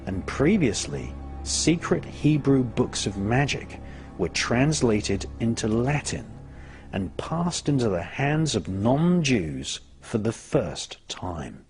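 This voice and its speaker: A man giving scripted documentary narration in a measured, deliberate way, his phrases falling at their ends. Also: mid-range voice, very animated, darkish tone. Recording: voice-over with clear background music.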